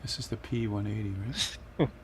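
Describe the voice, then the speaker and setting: Man, middle-aged, gravelly, chatty livestream host, reads chat aloud, laughs a lot. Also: on the low side, steady tone, brisk, noisy background.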